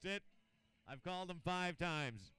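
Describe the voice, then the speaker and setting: Guy announcing a water ski event, high clear voice, cracking jokes, bit fed up. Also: lively intonation, unhurried, pushed and bright. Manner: joking, exasperated, chants into the mic. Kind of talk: live event commentary.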